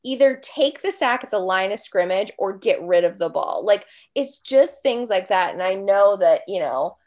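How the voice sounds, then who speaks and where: A woman's voice: medium pitch, lively intonation, normal speed, darkish tone. A woman guest on a podcast, chatting casually and bluntly about her college football team. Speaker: guest fan.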